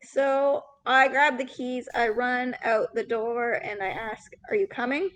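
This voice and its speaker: A woman with a somewhat high voice plays a tabletop game. She speaks slowly, pausing with ums as she works out each move. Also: steady tone, a bit bright, rough recording. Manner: slow, hesitant, many ums. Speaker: player.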